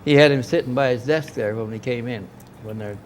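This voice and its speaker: Older man, casual storytelling, acts out dialogue, average pitch, faint background noise. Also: brisk. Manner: rambling anecdotal, acts out quoted dialogue. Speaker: interviewee recounting experiences.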